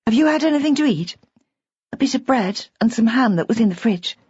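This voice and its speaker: A woman's voice: a little high, expressive, a little fast, a little mellow, breathy edge, no echo, voice pushed up. A woman voicing a practical, level-headed young woman in an audiobook, speaking firmly. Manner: firm, practical. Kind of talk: audiobook character voice. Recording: dull, lo-fi audiobook recording.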